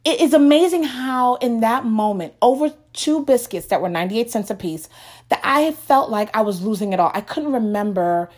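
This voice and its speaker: A woman in her thirties from the United States, chatting to viewers in a casual storytelling vlog, animated and often laughing as she talks. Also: a little high, normal speed. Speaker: vlogger.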